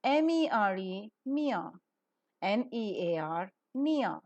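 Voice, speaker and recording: A woman gives a slow, measured pronunciation lesson. She spells each word out letter by letter before saying it carefully. Her voice sits at an ordinary middle pitch. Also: sing-song, dull audio. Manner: spells words letter by letter, then says them carefully. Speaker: pronunciation teacher. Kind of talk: scripted phonetics lesson.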